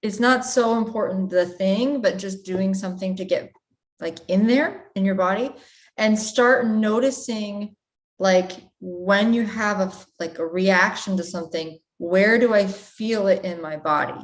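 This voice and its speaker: A woman on a casual livestream answering viewer questions, thinking aloud in a relaxed way. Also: mid-range voice, measured pace. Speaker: channeler and teacher answering questions.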